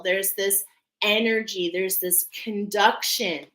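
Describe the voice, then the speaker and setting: A woman's voice: medium pitch, fairly even intonation, a little slow, a bit bright, echoey room, low-quality recording. A woman giving a spiritual oracle card reading to her viewers, earnest and emphatic, often checking in with "okay?".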